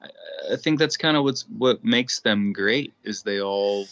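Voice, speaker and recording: A man, a musician being interviewed, speaking casually and thoughtfully, often pausing with fillers. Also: on the low side, a bit bright, no echo, highs cut off. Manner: thoughtful, hesitant, many fillers. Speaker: musician guest. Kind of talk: casual conversation.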